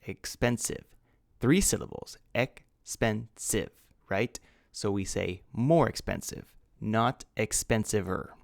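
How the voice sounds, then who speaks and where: A man's voice: lowish voice, expressive, measured pace, creaky, dry recording, clean studio sound. A man teaching English grammar, patiently spelling out words letter by letter. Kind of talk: slow grammar lesson.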